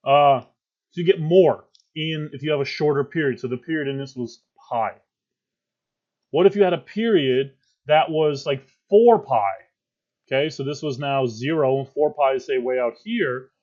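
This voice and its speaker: A male math teacher giving a classroom lecture in an animated way, with joking asides and frequent check-ins with his students. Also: mid-range voice, normal speed, dull audio.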